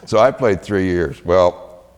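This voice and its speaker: A man's voice: low-pitched, slow pace, long reverb tail, slight background noise. An older man, a veteran, telling chuckling anecdotes in an oral history interview and acting out the voices he quotes.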